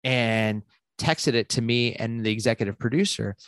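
A man, a podcast guest telling a story in a casual, animated way, full of fillers and restarts. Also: mid-range voice, dry recording, studio quality. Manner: animated, quick bursts with many fillers and restarts.

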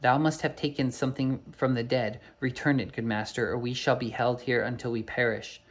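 A man's voice: medium pitch, flat delivery, brisk, lightly acted. A man reading the part of an anxious male travel companion in a storybook, earnest and old-fashioned in speech.

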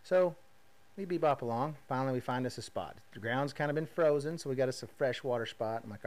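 A man's voice: medium pitch, brisk. Folksy rodeo man telling stories. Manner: folksy, energetic storytelling with frequent asides. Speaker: podcast host. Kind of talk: casual monologue.

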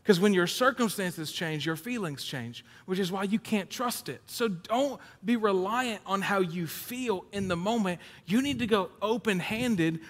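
A man preaching a sermon, shifting between loud emphatic points and low conversational storytelling. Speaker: pastor. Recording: long hall reverb.

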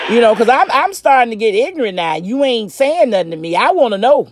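Her voice runs on the high side with big pitch swings, and she talks fairly quickly with few pauses in a very noisy setting. She's a relationship advice host delivering a casual monologue, bluntly discussing relationships, swearing, laughing a lot, and speaking to her ladies and gentlemen directly.

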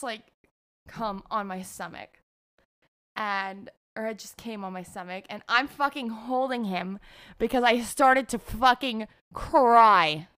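A woman's voice: a little high, a bit bright, dry recording, studio quality. Frank, foul-mouthed young woman. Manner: frank and profane, laughing often. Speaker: vlogger. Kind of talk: candid confessional storytelling.

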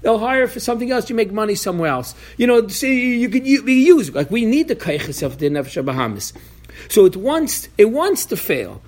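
A man's voice: sits high, big pitch swings, moderate pace. A man giving an informal Torah class, talking animatedly, acting out voices from the story, and often restarting his sentences. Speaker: Torah teacher.

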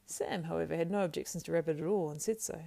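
A woman narrating a storybook aloud in a steady, measured reading with small slips. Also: deep voice, vocal fry. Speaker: audiobook narrator.

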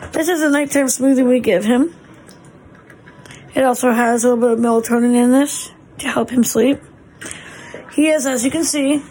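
High-voiced mom, gushing. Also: female voice, a little mellow, slight background noise, low-quality recording. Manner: gushing, chatty, with fillers. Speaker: mother and family vlogger. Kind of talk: casual home vlog. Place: family home.

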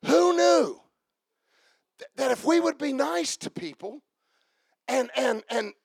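A man preaching a sermon as pastor, joking with the congregation and building to shouted passages. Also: very high-pitched, expressive, unhurried, creaky, breathy edge, no room sound.

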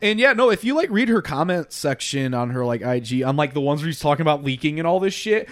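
High-voiced young man, rambling gossip. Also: animated, quick pace. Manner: rambling, heavy use of "like", swears and laughs often. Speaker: podcast co-host. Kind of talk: casual chat.

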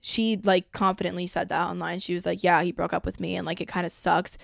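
A woman's voice: lowish voice, flat delivery, brisk, vocal fry, dry recording, studio quality. A young woman in her twenties hosting a podcast, talking casually in a blunt, profane, chatty way. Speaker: podcast host. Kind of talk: casual chat.

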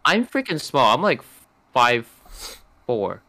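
A young man in casual podcast chat, hesitant and halting as he searches for words. His voice is mid-pitched and recorded close and dry, with no room sound. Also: huge pitch swings, pushed and bright, dry recording. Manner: hesitant, trails off and restarts. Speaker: podcast co-host.

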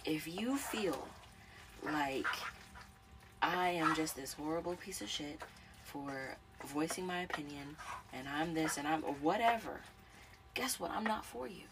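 A woman's voice: sits low, lively intonation, measured pace, distant mic, very noisy. A woman speaking in an emotional personal monologue, addressing the listener directly and repeating her points with passion.

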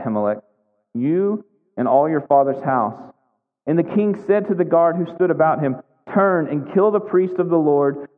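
A man preaching a sermon, retelling a scripture story conversationally and checking in with "right?" as he goes. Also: fairly high pitch. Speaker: pastor. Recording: echoey hall, thin phone-like sound.

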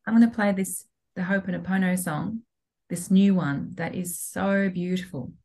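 Low, gravelly woman coach. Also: normal speed. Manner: soft, inviting, encouraging. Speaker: coach leading the group. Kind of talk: gentle guided coaching. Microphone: video call.

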